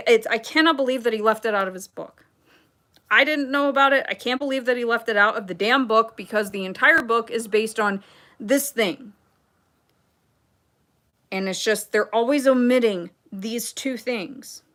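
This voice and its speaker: A woman's voice: on the high side, a bit bright. A young adult woman hosting a casual livestream, reading chat and talking in a blunt, sarcastic, rambling way with asides.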